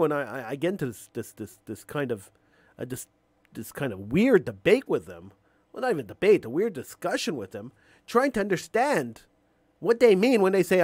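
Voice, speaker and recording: A man's voice: a little high, no room sound. A man hosting a call-in show, delivering an opinionated monologue with emphatic restarts and repeated words.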